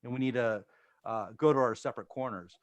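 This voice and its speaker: Male podcast guest. Measured, deliberate, mid-pitched, dry recording. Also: dry recording. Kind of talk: casual conversation.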